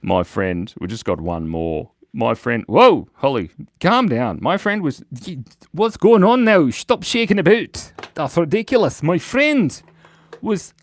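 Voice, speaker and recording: Playful, animated man hosting a kids' drawing stream. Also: on the high side, a little slow, dry recording. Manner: playful, jokey, animated, reads chat aloud. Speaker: drawing show host. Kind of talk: live-stream drawing lesson reading chat.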